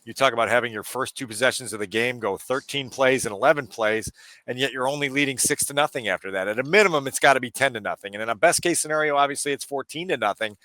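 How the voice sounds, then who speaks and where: A man co-hosting a postgame sports podcast as a sportswriter, giving quick, energetic analysis with vivid detail. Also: mid-range voice, dry recording.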